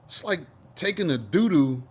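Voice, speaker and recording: Dude doing a tarot reading, kinda high voice, swoops all over, slow and cussing, teasing. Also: male voice, slightly rough. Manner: animated, profane, teasing, with voice play. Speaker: tarot reader. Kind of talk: casual tarot reading livestream.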